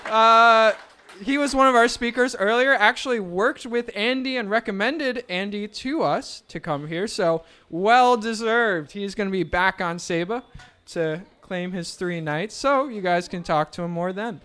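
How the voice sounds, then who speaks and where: A man with a very high, bright voice emcees a raffle in front of a live crowd at an event venue. He speaks slowly and teases the audience between prize announcements. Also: clear, resonant tone. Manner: joking, playful banter with the crowd.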